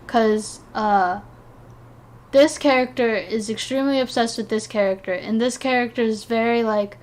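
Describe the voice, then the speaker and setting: A young woman streaming, chatting casually in an excitable, rambling way, sleepy and yawning between thoughts. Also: on the high side, moderate pace. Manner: excitable, rambling, giggly, with restarts. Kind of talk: casual chat while ranking game characters.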